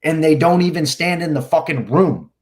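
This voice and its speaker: A man's voice: a little high, normal speed, a little mellow. A man, a podcast guest, telling a rambling story in casual talk, full of swearing and "like" fillers. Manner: rambling, heavy swearing, many "like" fillers, acts out quotes.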